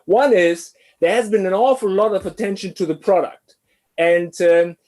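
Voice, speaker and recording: Male business lecturer, higher-pitched, halting delivery full of fillers, online class. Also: darkish tone. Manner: hesitant, many uh fillers.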